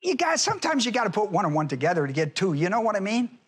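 A man preaching a sermon in church in a folksy way, hollering at times and then dropping low, and acting out quoted voices. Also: sing-song, quick pace, breathy edge. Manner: acts out quoted voices in a high pitch. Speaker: pastor.

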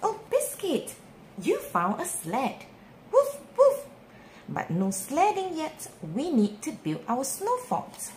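A woman reads a bedtime picture book to small children, slow and unhurried. Her high voice swoops up and down with a very lively melody, and every line is gently stressed. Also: a little hiss or hum. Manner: slow, sing-song and expressive. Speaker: storybook reader. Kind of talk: children's bedtime read-aloud.

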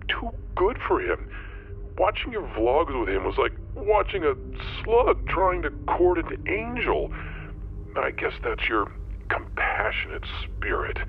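A man's voice: on the high side, gravelly, full character voice. An actor playing an obsessive, unstable male fan calling in, stammering and pleading. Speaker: caller. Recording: tinny phone line with faint noise.

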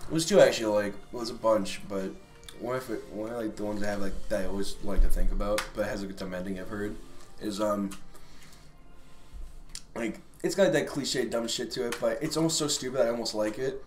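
A man's voice: lowish voice, steady tone, fairly quick. A young man on a podcast, casually rambling through a scary story with crude jokes. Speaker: podcast co-host. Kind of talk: casual chat, telling scary stories. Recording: echoey room with music.

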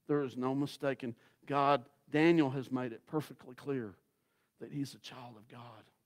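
A man preaching a sermon as guest pastor, telling the story in a folksy, dramatic way that swings from loud to hushed. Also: medium pitch, fairly even intonation, moderate pace.

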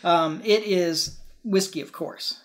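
A man's voice: high-pitched, takes it slowly, fairly bright tone. A man hosting a casual podcast with a Southern accent, talking in a rambling way with many fillers and restarts. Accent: American Southern. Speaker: podcast host.

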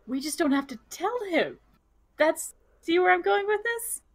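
A woman playing a blunt, money-minded halfling in a tabletop game, talking in a dry, deadpan way. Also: very high-pitched, a little slow, creaky, no echo. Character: blunt mercenary female halfling who wants pay. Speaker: player. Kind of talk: in-character tabletop role-play.

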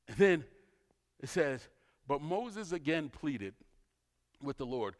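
A man's voice: fairly high pitch, animated, takes it slowly, long pauses. A man preaching a sermon, a pastor who tells the story with animation and acts out the dialogue. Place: church sanctuary. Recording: church hall reverb.

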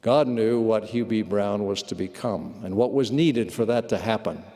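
A man telling a story during a sermon, in a measured, earnest way. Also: fairly low pitch, mellow. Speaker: church leader giving a sermon. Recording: long reverb of a large hall.

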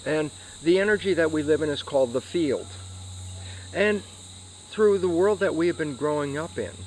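A man's voice: on the high side, normal speed, a little hiss or hum, low-quality recording. A man, an interview guest, explaining science and acting out his own questions and answers. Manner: animated, acts out questions and answers to himself.

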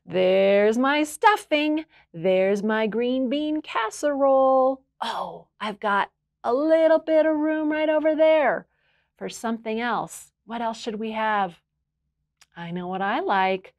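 Woman, children's librarian, slow sing-song storytime delivery, dry close sound. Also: fairly high pitch, lively intonation, dry recording, soft background music.

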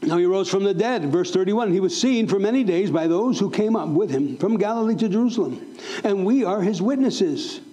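Middle-aged male pastor, high and soft-toned, emphatic sermon delivery with repeated questions to the room. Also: animated, a little fast, poor audio. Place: church sanctuary.

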